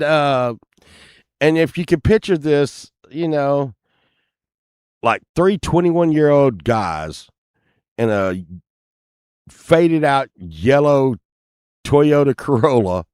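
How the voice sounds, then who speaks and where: A middle-aged man, telling a casual anecdote and loudly acting out the people in it. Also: a little high, smooth, dry recording, studio quality. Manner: animated, acts out quoted lines loudly, laughs while telling. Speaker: storyteller.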